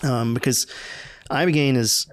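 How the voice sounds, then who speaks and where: A man in casual podcast conversation, talking in a relaxed, halting way with many fillers and restarts. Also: mid-range voice, clean tone. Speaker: podcast guest.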